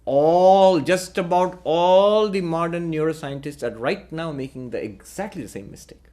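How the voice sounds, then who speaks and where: A man, a spiritual teacher, giving a deliberate philosophical lecture and posing rhetorical questions. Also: on the high side, warm tone.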